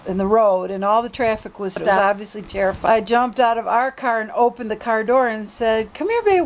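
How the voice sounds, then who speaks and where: A woman's voice: mid-range voice, poor audio. A woman vlogger telling a story casually and retelling quoted dialogue in her own talk.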